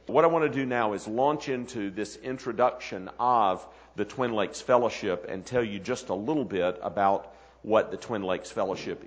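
A man leading a ministers' conference and giving an earnest opening address with frequent fillers and restarts. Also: lowish voice. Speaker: conference leader. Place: conference hall. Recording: long hall reverb.

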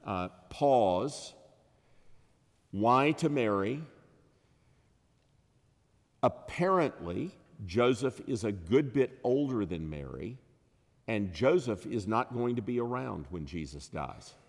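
Guy preaching a sermon, slow and deliberate, lowish voice, big echoey church. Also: expressive. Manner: measured, emphatic preaching that rises on key phrases. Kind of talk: expository sermon. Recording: long reverb of a large hall.

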